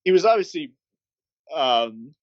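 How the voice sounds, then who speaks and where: A man co-hosting a film podcast, talking casually and quietly, asking his co-host questions. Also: a little high, very animated, a little slow, muffled recording. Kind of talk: casual chat.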